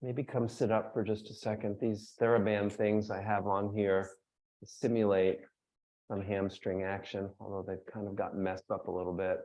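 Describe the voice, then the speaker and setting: A man who is a yoga teacher, explaining hamstring anatomy to a class and then slowly guiding them through a strap stretch. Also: fairly low pitch, flat delivery, dark tone. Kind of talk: yoga workshop instruction.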